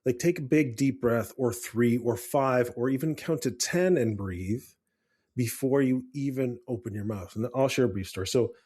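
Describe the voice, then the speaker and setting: A man's voice: mid-range voice, normal speed, a little mellow, slightly rough. A man co-hosting a casual parenting advice chat, talking earnestly with frequent restarts and fillers. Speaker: podcast co-host.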